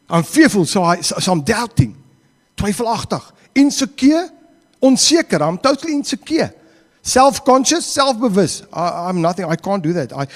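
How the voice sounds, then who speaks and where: A man's voice: high voice, in a large hall. A man with a South African accent preaching a sermon in a church, acting out the quotes he tells. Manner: animated, acts out quotes.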